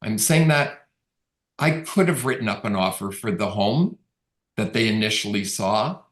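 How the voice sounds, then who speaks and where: A man's voice: on the low side, expressive, measured pace. Middle-aged man telling stories, roomy echo. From Canada. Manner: conversational, storytelling with quoted dialogue. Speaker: real estate agent giving a webinar talk. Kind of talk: casual storytelling talk. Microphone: video call.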